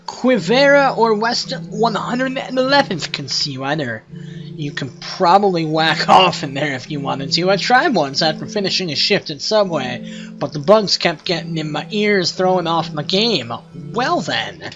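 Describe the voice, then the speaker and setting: A man's voice: on the high side, expressive, a little slow, over music. Wry man reading game text aloud. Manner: wry, profane asides. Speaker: let's play host.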